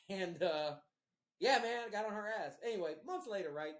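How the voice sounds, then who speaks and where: A man spins a wild personal story in a loose, cursing, animated podcast style. He laughs as he goes, and his voice carries a roomy echo. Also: sits high, moderate pace. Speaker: podcast host telling a story. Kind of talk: casual storytelling.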